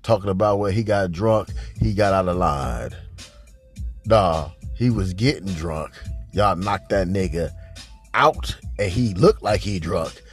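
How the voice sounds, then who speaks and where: Hosting a podcast, a man spins a vulgar, boastful comic anecdote, wandering as he goes and rising in volume and pitch toward the climax. He talks a little slowly, with faint music in the background.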